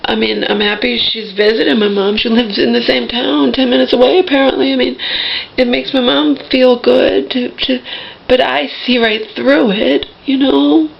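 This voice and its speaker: A woman's voice: high voice, steady tone, moderate pace, vocal fry, dull audio. A woman venting in an emotional personal monologue, agitated and restarting her sentences often. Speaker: vlogger.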